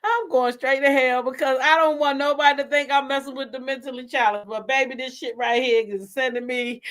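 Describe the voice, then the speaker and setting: Woman with a higher voice doing casual live stream gossip, cussing a lot, laughing all the time. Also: fairly bright tone. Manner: blunt, profane and laughing often. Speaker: host of a gossip show.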